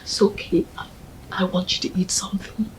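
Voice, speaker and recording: A woman's voice: mid-range voice, moderate pace, slight background noise, natural voice, rough recording. A woman playing a tender, coaxing young partner. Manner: tender and coaxing, often hushed. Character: gentle young woman comforting her grieving partner. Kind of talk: film drama acting.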